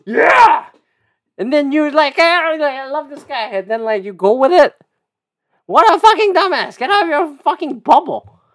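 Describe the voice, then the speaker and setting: A podcast host ranting casually and profanely, with heated, animated outbursts. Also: male voice, high voice, no echo, studio quality. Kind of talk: casual solo podcast rant. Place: lives in a city condo.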